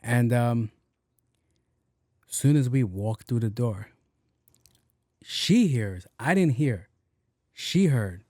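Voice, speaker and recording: A man's voice: medium pitch, extremely slow, pauses often, dry recording, studio quality. Profane storytelling podcast host, man. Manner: animated, profane, acts out dialogue. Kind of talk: casual storytelling monologue.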